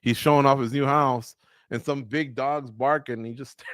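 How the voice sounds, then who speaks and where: A man with a medium-pitched, steady voice speaks at a measured pace, with no room sound in the studio. He co-hosts a sports radio show, chatting casually, telling stories, acting out quotes and laughing at his own jokes.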